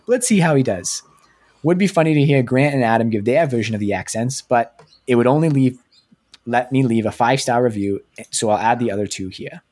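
Man faking a thick New Jersey accent, exaggerated, review read aloud, average pitch. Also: a little mellow, lightly acted. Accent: New Jersey, put on.

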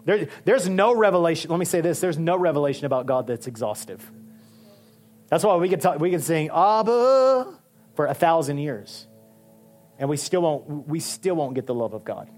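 A male pastor preaching a sermon in a conversational, animated way, with emphatic peaks. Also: fairly high pitch, moderate pace, faint music behind.

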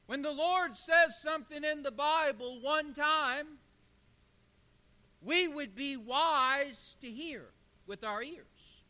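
A man's voice: very high-pitched, slow, pushed and bright. A male pastor preaching a sermon, building emphatic repeated lists and calling the congregation to answer back. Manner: emphatic repetition, call-and-response with congregation. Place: church sanctuary. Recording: long reverb of a church hall.

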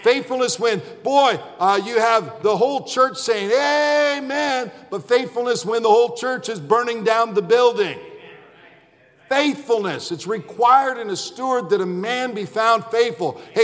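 A man's voice: high-pitched, fairly bright tone, big-room sound. A man in his forties preaching a fiery evening sermon as pastor, emphatic and impassioned, driving home repeated refrains. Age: 40s. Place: church sanctuary.

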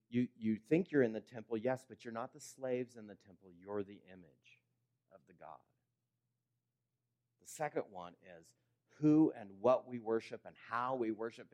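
Man preaching in a conversational way. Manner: conversational preaching, asks the congregation rhetorical questions; swings between emphatic lines and quiet, low endings. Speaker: pastor. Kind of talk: sermon.

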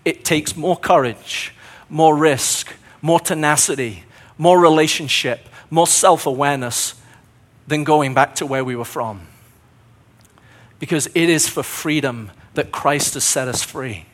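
Male pastor, somewhat high voice, earnest sermon delivery with repeated building lines, slightly strained voice. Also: unhurried.

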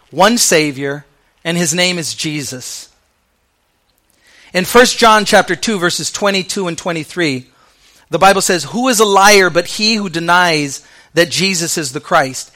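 Bright-voiced male pastor preaching. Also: high-pitched. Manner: conversational preaching with slang asides; drops to soft, quiet delivery on key lines. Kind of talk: sermon.

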